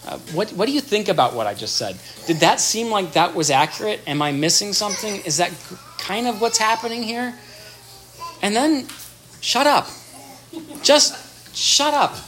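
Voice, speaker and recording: A therapist talks through everyday advice in a casual, animated way, with pitch that swings widely. Bits of imagined dialogue get acted out in different voices, and words often get repeated or restarted. Faint noise sits under the recording. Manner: animated, acts out little dialogues in changing voices.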